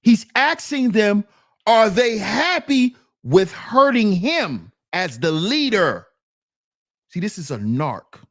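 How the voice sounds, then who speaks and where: A man talks over a clip with lively, swinging pitch and a slightly raised voice. He is emphatic and keeps prodding the listener. The sound is dry and close to the mic. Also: slow, no room sound. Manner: animated, emphatic, repeats "see". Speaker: commentary host. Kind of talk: casual commentary on a video clip.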